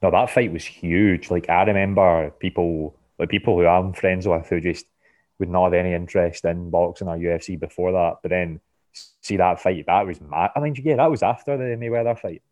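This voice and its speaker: A man's voice: deep voice, normal speed, darkish tone. A man guesting on a podcast, chatting about sports casually, often stumbling and repeating words as he thinks. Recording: dull lo-fi podcast mic.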